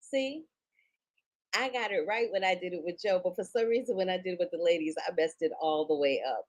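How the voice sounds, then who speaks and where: A middle-aged woman, an interviewer and film critic, talking in a warm, expressive, chatty way and laughing easily. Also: lowish voice, fairly quick. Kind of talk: casual interview and review recap.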